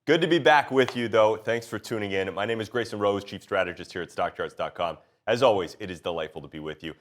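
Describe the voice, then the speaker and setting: A man's voice: on the low side, fast, a little hiss or hum. A man hosting a studio market talk show, sounding congested and nasal from a cold, upbeat and folksy as he walks through charts. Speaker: show host. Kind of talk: casual market chat.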